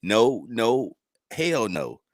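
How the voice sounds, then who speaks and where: A man's voice: mid-range voice, drawn-out words, dry recording, studio quality. A man, a guest in a casual chat, laughing as he tells stories and acting out other people's lines. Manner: laughing, lively storyteller who acts out others' lines.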